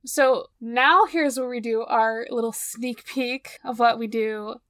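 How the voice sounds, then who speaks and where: A woman's voice: a little high, steady tone, slow, a bit bright, no room sound, studio quality. A woman co-hosting a podcast in casual chat, blunt and jokey, laughing a lot. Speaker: podcast co-host.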